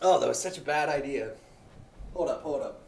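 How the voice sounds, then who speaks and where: A man's voice: mid-range voice, moderate pace, creaky, a little mellow, breathy edge. A man chatting casually on a live stream, rambling and joking and often repeating himself.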